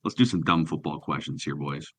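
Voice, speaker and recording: A man's voice: extremely low pitch, a little fast, fairly bright tone, no room sound. A man hosting a podcast, casually prompting his co-hosts with easygoing questions. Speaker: podcast host.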